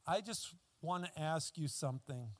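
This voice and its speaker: A man's voice: fairly high pitch, a little slow, dry recording, pitched below the performer's own voice, natural voice. A man voicing a bitter, grouchy older man, his lines quoted in a sermon story. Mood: weak, pleading. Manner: shouting angrily, then weak and pleading.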